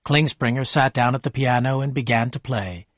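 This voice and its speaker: Male narrator, slow and clear, husky, dry close recording, for learner audiobook. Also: medium pitch, a bit bright, no echo. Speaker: storyteller for English learners. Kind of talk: scripted narration.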